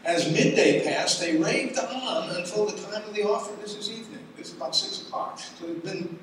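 A man preaching a sermon, reading scripture dramatically and building to loud exclamations. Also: high voice, a little fast, slight background noise. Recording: echoey hall from far off.

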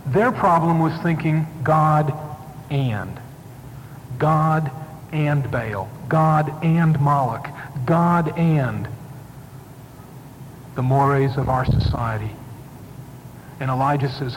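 A man's voice: a little high, lively intonation, a little slow, a little hiss or hum. Dramatic preacher man in a hall. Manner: dramatic storytelling, varied emphasis. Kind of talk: sermon.

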